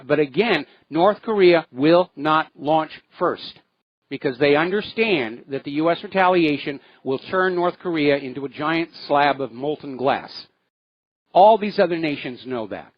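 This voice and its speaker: Male call-in radio host, opinionated, filler-heavy, a bit high-pitched, dry lo-fi audio. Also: dry recording. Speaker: radio talk show host. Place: Hawaii studio.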